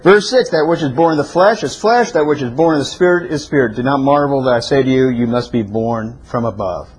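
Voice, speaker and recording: A man teaching a Bible class lecture, restarting and correcting himself often, then getting excited and rising sharply in pitch to stress his points. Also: fairly quick, husky, poor audio.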